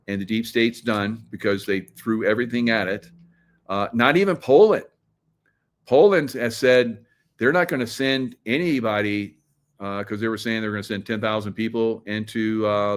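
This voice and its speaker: Low-voiced man rambling through commentary. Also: a bit bright. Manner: rambling, filler-heavy, laughs and mocks often. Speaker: show host. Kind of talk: casual commentary.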